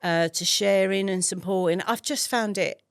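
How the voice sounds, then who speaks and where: A woman's voice: medium pitch, steady tone, moderate pace, creaky, clear, resonant tone, dry recording, clean studio sound. A woman with a Cockney accent, a guest in a casual chat, telling stories in an open, self-deprecating way. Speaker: guest, trainee waxer.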